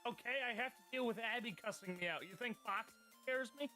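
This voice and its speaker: A man's voice: very high voice, fast, sharp tone, faint music behind. A man playing a tabletop game over voice chat, brash and profane, trash-talking his friends. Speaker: player. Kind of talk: casual tabletop banter.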